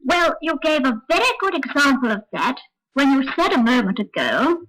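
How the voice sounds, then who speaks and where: A woman co-presenting an English intonation lesson, modelling sentences clearly and deliberately. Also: high voice, sing-song, fairly bright tone, rough recording. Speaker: co-presenter demonstrating examples. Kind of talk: scripted spoken lesson. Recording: old lesson recording.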